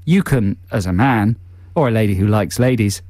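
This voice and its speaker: A man hosting a comic radio show, teasing and mock-bossy in quick banter. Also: fairly low pitch, a little mellow, no room sound, studio quality. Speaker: radio host. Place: radio studio.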